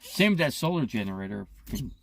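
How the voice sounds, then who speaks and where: A man's voice: medium pitch, very animated, quick pace, gravelly, fairly bright tone, slight background noise. A man in his fifties, host of a casual live chat, rambling and profane as he retells his day. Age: 50s. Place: inside an RV.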